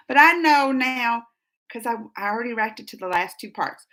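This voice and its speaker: A woman hosts a casual live-stream chat, reading viewer comments aloud and answering them. Her voice sits a little high and sounds very bright. She talks in an animated way, laughing and gasping often. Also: measured pace, long pauses. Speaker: reaction channel host.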